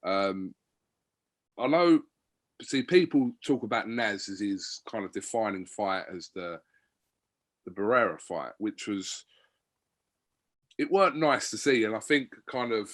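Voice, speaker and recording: Low-voiced man telling stories. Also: measured pace, long pauses. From Wickford, England. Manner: relaxed storytelling, many fillers. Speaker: guest. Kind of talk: casual interview chat.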